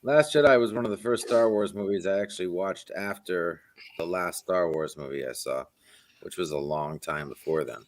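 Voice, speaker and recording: A man's voice: low-pitched, moderate pace. A man chatting casually on a livestream, rambling and trailing off, with some swearing.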